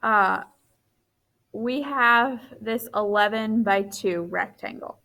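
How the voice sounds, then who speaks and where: A woman's voice: medium pitch, a little slow, fairly bright tone. A woman teacher walking through a recorded math lesson, counting aloud as she draws and correcting her own slips, tired and yawning.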